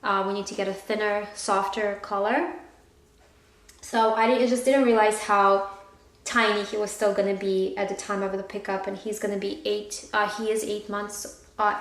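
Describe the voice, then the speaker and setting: A woman at home calmly explaining, step by step, how she crate-trains her new puppy, in a casual how-to manner. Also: medium pitch. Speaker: vlogger, new puppy owner. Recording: roomy echo, faint background noise.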